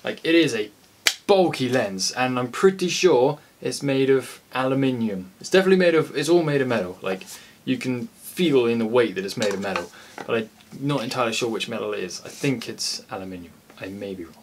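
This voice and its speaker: A man's voice: medium pitch, fairly quick, background noise. An English man casually reviewing a camera lens in a rambling, jokey, sweary vlog chat.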